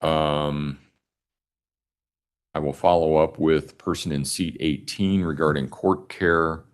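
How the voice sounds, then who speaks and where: Slow, very deep-voiced male judge. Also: fairly even intonation. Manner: measured, halting, with fillers. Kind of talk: courtroom proceedings.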